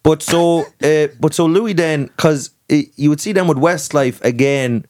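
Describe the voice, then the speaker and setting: A man's voice: on the high side, unhurried, darkish tone. An Irish man in casual comedic podcast chat, telling joking stories, swearing and putting on voices for the people he quotes. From Ireland. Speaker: podcast guest.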